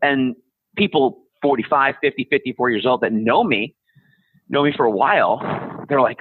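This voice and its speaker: A man in his fifties, a podcast guest, ranting bluntly in casual conversation, profane and sarcastic, often mocking people in high-pitched put-on voices. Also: moderate pace, breathy edge, no room sound. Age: 50s. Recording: tinny phone-like line.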